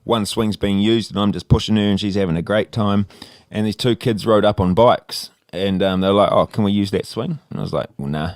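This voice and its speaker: A man's voice: lowish voice, fairly even intonation, fairly quick, few pauses, no echo, studio quality. A young Australian man telling a long story in casual podcast chat, rambling, laughing and swearing freely. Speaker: podcast co-host.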